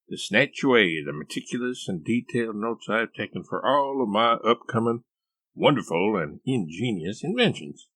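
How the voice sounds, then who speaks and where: Pompous paranoid husband with a low, lively, bright voice, as a man reads him out in a storybook, dry sound. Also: dry recording, heavily acted. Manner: pompous, grandiloquent. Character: paranoid grandiose eccentric husband.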